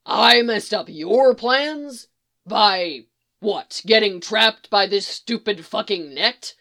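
A brash magical firebird, put on by a woman reading, snaps and sneers in a loud, sarcastic voice. He is a scornful male creature in a storybook who swears freely. His outbursts come loud and cutting. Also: mid-range voice, measured pace, vocal fry. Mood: indignant.

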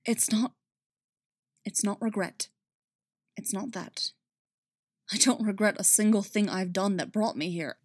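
A woman's voice: medium pitch, measured pace, pauses often, husky, dry recording, studio quality. A woman voicing a proud former imperial officer man who speaks in clipped, strained bursts in a read-aloud story. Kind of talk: audiobook-style story reading.

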